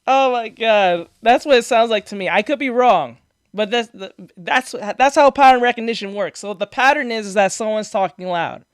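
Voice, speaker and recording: A high-pitched, fairly bright, clear and resonant male voice belongs to a streamer chatting casually with his viewers. He rambles as he answers comments, restarts his sentences, and laughs at his own jokes. He's using a desk microphone.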